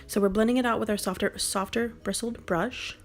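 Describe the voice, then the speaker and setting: A young woman narrates her makeup tutorial in an unhurried, instructional way. Her voice sits in a middle register, and faint music plays behind her. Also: mid-range voice. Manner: calm, step-by-step instructional. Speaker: beauty vlogger.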